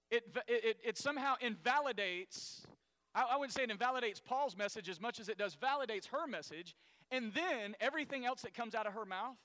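A man preaches a sermon with a high, bright, cutting voice. He talks casually and acts out the story's people in sudden loud bursts. His voice rings with the long reverb of a big hall. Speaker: pastor.

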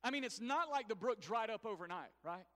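A middle-aged pastor preaches with lively energy, drawing the congregation into call-and-response. His voice sits high for a man, and it rings out with the long reverb of a church hall. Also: brisk. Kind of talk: sermon. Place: church sanctuary.

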